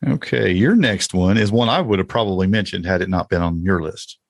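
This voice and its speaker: A man with a folksy Indiana-Tennessee twang chats easily on a podcast, chuckling now and then. His voice sits low. The recording is close and dry. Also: brisk, vocal fry, dry recording. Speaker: podcast co-host. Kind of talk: casual podcast chat.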